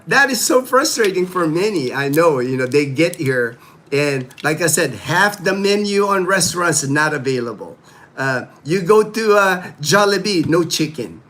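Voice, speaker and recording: A middle-aged man hosts a casual livestream from his home. His voice sits a little high, and he talks in a loose, rambling way, leaning on "you know" and restarting his sentences. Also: a little slow. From Philippines. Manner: rambling, animated, many "you know" fillers. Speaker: livestream host. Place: home in the Philippines.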